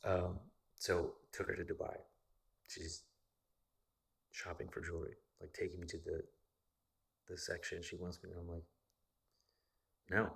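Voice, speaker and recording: A man's voice: low-pitched, monotone, normal speed, vocal fry, long pauses, breathy edge. A man from the United States telling a personal story in a casual, rambling monologue, swearing often. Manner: profane and rambling, with frequent fillers. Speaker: vlogger.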